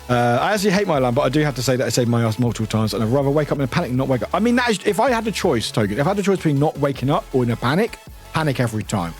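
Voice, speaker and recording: A man's voice: medium pitch, big pitch swings, rapid-fire, soft background music. A man streaming live, chatting casually in a rambling way, swearing offhandedly and laughing often between remarks. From United Kingdom. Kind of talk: casual chat while gaming live.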